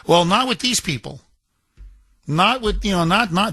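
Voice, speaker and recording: High, bright-voiced indignant radio host. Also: male voice, lively intonation, measured pace, pauses often, husky, no echo. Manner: emphatic, indignant, repeats phrases and stumbles on words. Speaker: radio talk show host. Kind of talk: opinionated talk radio monologue.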